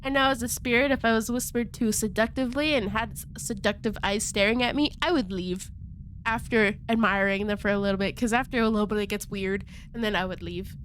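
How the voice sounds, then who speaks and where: A woman with a medium-pitched, fairly quick voice streams herself reading a game aloud, stifling giggles, tripping on words and adding playful remarks. She keeps quiet because it's night, and slight background noise is audible.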